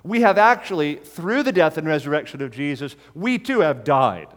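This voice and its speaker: Emphatic preacher in a reverberant hall. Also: male voice, fairly high pitch, sing-song, moderate pace. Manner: emphatic, hammering repeated imperatives. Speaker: pastor. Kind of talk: sermon.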